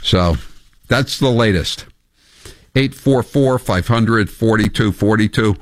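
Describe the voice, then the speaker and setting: A man's voice: on the low side, slow. A male talk radio host, delivering news with wry, offhand asides. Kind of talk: casual talk radio banter.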